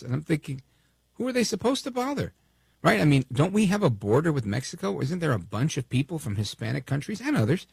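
A man talks through an opinion commentary, sarcastic and animated as he retells stories. His voice swings widely in pitch and has a husky, gravelly edge. The sound is close and dry. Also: brisk, no echo. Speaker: commentary host.

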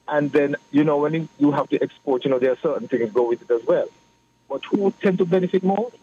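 A man, a political guest explaining his views in a measured way on a radio talk show. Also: on the high side, warm tone, slightly rough. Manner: measured, explanatory, repeats phrases. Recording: muffled radio broadcast with faint hiss.

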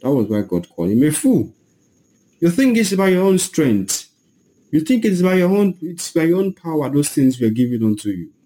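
A man preaching with an emphatic, dramatic delivery. He acts out quoted lines in a raised voice. His voice is mellow and a little husky. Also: on the high side, sing-song, normal speed, low-quality recording. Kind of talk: sermon.

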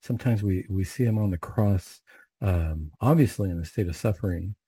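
A man reciting Catholic prayers and then giving a measured, conversational reflection with occasional fillers. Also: low voice, mellow, slightly rough, dry recording. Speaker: Catholic prayer leader and speaker.

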